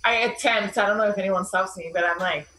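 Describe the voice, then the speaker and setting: A woman playing a tabletop game, describing her character's actions in a giggly, animated way. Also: mid-range voice, quick pace, reverberant, rough recording. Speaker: player.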